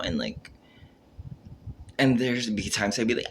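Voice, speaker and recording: This vlogger's voice is medium-pitched, fairly bright and expressive, and he talks at a moderate pace. He wanders through an offhand monologue on camera, filling it with fillers, acting out how he reacted and leaving sentences unfinished over a faint hiss or hum.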